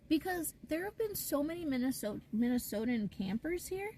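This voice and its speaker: A chatty woman streams live from inside a parked car, her voice bouncing around with lively, animated pitch and sitting a bit high. She rambles casually and leans on "like" a lot. The mic is some way off, with a faint hiss of noise behind her. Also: distant mic. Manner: chatty and rambling, heavy use of "like".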